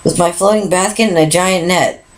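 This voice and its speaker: A woman voicing a shy, timid female pegasus pony who speaks softly and hesitantly. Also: lowish voice, normal speed, natural voice. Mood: gentle. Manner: soft, hesitant and quiet.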